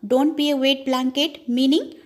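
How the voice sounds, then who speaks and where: High-voiced woman teaching an English lesson. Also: steady tone. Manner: addresses the class as children, slow, repeats words to drill them. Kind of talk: classroom lesson explanation.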